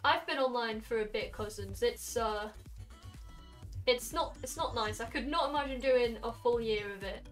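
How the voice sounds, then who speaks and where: A woman's voice: on the high side, moderate pace, faint music behind. A young Welsh woman chatting casually with her viewers while playing a game on stream, rambling from one thought to the next. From Wales. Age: young adult. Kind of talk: casual gaming stream chat.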